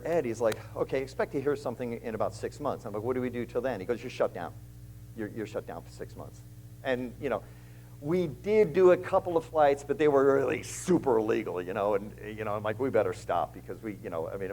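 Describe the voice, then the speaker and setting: A man's voice: medium pitch, fast talker, darkish tone, a little hiss or hum, poor audio. A man, a guest speaker at a church, telling his story with animation and acting out the other people's lines. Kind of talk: storytelling testimony.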